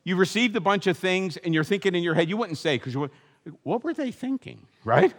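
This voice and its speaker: A man preaching a sermon as pastor, animated and acting out the voices of hopeful and disappointed people. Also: sits high, quick pace. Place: church sanctuary. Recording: long hall reverb.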